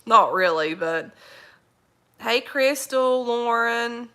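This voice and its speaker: Woman streamer, bright forceful voice, a bit high, folksy rambling chat. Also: animated, slow pace, slight background noise. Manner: rambling, laughs often, folksy slang. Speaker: livestream host reading viewer comments. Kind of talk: casual live chat.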